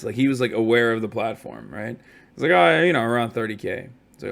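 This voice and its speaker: A tired man streaming from a hotel room, telling stories in a casual, profane, animated way. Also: mid-range voice, brisk, vocal fry. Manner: profane, animated storytelling with mock quotes.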